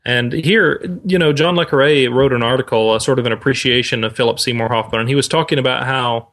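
A man co-hosting a podcast as a film reviewer, talking in a measured, analytical way. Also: medium pitch, fairly bright tone. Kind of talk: casual podcast discussion.

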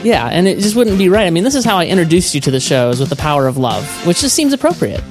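A man's voice: fairly high pitch, rapid-fire, soft background music. Playful laughing male podcast host. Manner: playful, self-mocking, laughs often. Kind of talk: casual movie podcast chat.

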